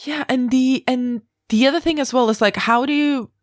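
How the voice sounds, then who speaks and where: A woman's voice: sits high, normal speed, no echo, clean studio sound. A woman co-hosting a podcast, thoughtfully analysing a film and asking questions. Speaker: podcast co-host. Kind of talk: casual film discussion.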